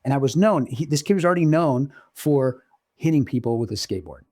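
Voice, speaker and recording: A man co-hosting a casual podcast, telling long stories with animated swings in pitch. His voice sits at an ordinary middle pitch. The sound is close and dry. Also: a little fast, no room sound. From Oregon. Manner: animated storyteller, pitch jumps when excited. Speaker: podcast co-host. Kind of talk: casual storytelling chat.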